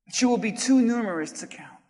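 A man preaching a sermon, swinging from loud emphatic shouts to quiet, drawn-out phrases in a church. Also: very high voice, expressive. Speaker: pastor. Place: church sanctuary. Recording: long reverb in a large hall.

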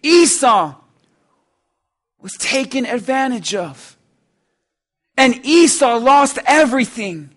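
A man with a very high voice for a man, preaching a sermon. He talks straight to his listeners. He stacks up repeated phrases to drive each point home. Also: very animated, slow pace, pauses often, a bit bright. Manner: builds emphasis through repeated phrases; addresses listeners directly.

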